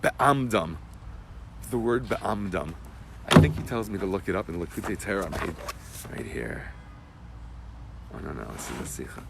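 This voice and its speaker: A man, a rabbi, giving an emotional Torah class that swings from loud bursts to hushed whispers. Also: fairly low pitch, slight background noise. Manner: animated, emotional teaching.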